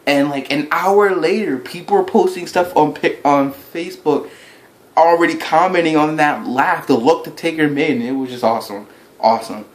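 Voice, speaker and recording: A man giving a casual, rambling reaction review of a wrestling event, recounting the action play-by-play with excitement. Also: fairly high pitch, moderate pace.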